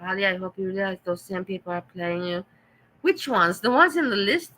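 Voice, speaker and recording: Bright-voiced German-accented woman streamer. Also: medium pitch, fairly quick, low-quality recording. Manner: sarcastic, teasing, talks straight to chat. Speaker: livestream host reading chat. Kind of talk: casual livestream chat.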